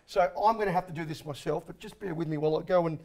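Australian male comedy sports host, high voice, matey and rambling. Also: racing, darkish tone. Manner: blokey, rambling, calls everyone mate. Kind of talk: comedic sports talk show hosting.

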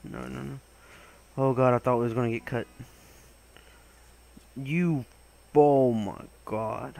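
Slow-talking excitable young gamer man. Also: medium pitch, gravelly, poor audio. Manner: excitable, swears often, bursts into loud exclamations. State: voice cracking. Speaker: gaming channel host. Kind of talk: gaming commentary.

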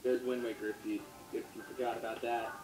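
A man's voice: mid-range voice, little pitch movement, quick pace. A man co-hosting a casual video-chat update, rambling and joking as he corrects himself. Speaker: co-host. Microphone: Wii U chat mic. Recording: echoey room with loud music.

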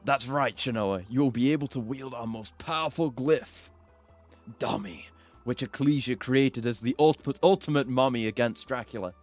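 A man's voice: mid-range voice, moderate pace, soft background music, lightly acted. A man voicing a stern older male leader of an order as he reads game dialogue aloud on stream, in a formal, commanding way.

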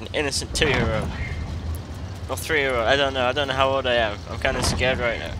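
A man's voice: mid-range voice, noisy background. Jumpy joking man playing a horror game. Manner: jokey, talks as the toddler he plays, jumpy yelps. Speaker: gaming commentator. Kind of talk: horror game let's play commentary.

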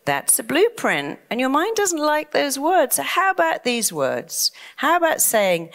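A middle-aged woman giving a motivational talk, acting out anxious inner voices with lively swings of tone. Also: on the high side, a little slow. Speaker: motivational speaker.

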